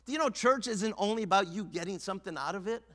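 A male pastor preaching a fervent sermon in a church sanctuary, swinging between loud exhortation and hushed earnestness. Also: high-pitched, fast. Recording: long church reverb.

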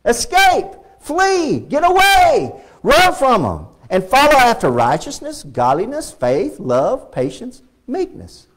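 A man with a Texan accent preaches in a church with an emphatic, storytelling delivery. His voice sits somewhat high and swings widely in pitch, breaking into shouted exclamations. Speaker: pastor. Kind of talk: sermon.

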